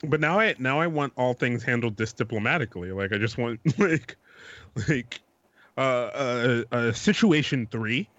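A man co-hosting a podcast, telling stories in casual chat with halting restarts. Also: mid-range voice, lively intonation, a bit bright, dry recording, dull audio. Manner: halting, many restarts, laughs through stories. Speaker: podcast co-host.

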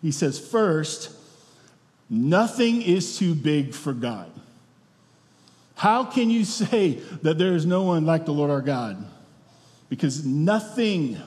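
A man's voice: a little high, darkish tone. A man preaching a sermon as pastor, talking in a conversational way and often checking in with the room. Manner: conversational, asks the room questions. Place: church hall. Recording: long reverb of a church hall.

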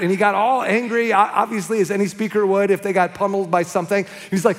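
A man preaching to his congregation in a loose, conversational way, telling stories and checking in with "okay?" His voice sits a little high for a man. A large hall adds a long echo behind him. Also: fairly even intonation, brisk, hardly any pauses. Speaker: pastor. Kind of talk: sermon.

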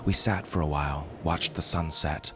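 A man calmly narrating a first-person story. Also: extremely low pitch, normal speed, music in the background.

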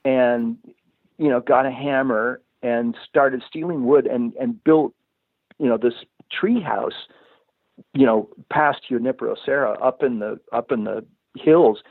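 A man with a medium-pitched, slightly slow voice tells a long personal story as a guest, rambling casually, often restarting sentences and saying "you know." The sound is tinny like a phone line, dry with no echo.

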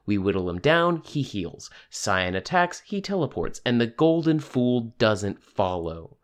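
A man reading an audiobook, voicing a brash, sharp-tongued young woman schemer who talks bluntly and mocks others. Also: mid-range voice, very animated, pitched above the performer's own voice. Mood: impatient. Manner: blunt, mocking, fast-thinking.

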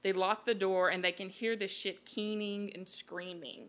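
A woman spins a creepy tale on a live podcast, her telling loose, salty and full of animated quoted voices. She sits at a mid pitch and keeps it conversational. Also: normal speed. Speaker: podcast host. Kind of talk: casual storytelling. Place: live show at a beer garden.

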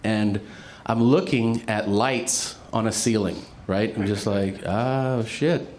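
A man's voice: on the low side, takes it slowly, slight background noise. Man telling a story with laughs. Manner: laughing often, animated quoted voices, frequent fillers. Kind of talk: casual storytelling.

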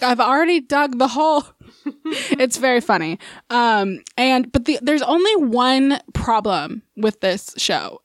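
Chatty woman with a high voice. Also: dry recording, studio quality. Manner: chatty, swears freely, laughs often. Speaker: podcast co-host. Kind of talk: casual chat.

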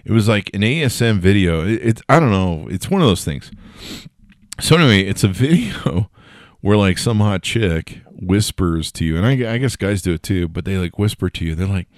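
A man's voice: sits low, expressive, normal speed, dry recording, studio quality. A man hosting a casual solo news podcast, tired and yawning, rambling with jokes and swearing. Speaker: podcast host.

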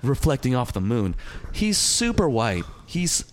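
A man's voice: mid-range voice, measured pace, a little hiss or hum. A young man co-hosting a casual comedy podcast, telling stories with sarcasm and acting out the people he quotes. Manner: animated storyteller, acts out quotes, sarcastic. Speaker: podcast co-host.

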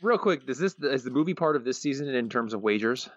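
A man's voice: mid-range voice, lively intonation, fast, no room sound, muffled recording. A man co-hosting a casual podcast, laid-back and dryly understated while running a trivia quiz. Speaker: podcast co-host.

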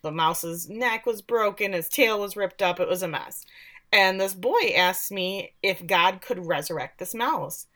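A woman voicing a male priest who is calm, eerie and chatty, retelling his lines in a casual, matter-of-fact way during a show recap. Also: medium pitch, measured pace.

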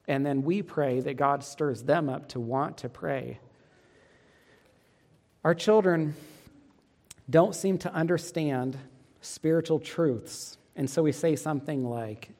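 A man's voice: a little high, normal speed, a little mellow. A man preaching a sermon as a pastor, earnest and emphatic. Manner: earnest, emphatic preaching with quoted parent voices.

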